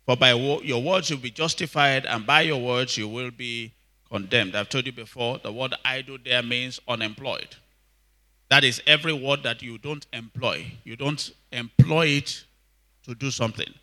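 A man's voice: mid-range voice, moderate pace, sharp tone. A man preaching a sermon, emphatic, repeating key lines and calling for responses from the congregation.

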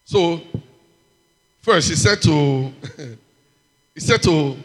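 A man preaching with a high, ringing voice in a large church hall, where a long reverb trails every phrase. He reads scripture aloud, then swings up loudly to call out amens and hallelujahs. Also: very slow. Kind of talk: sermon.

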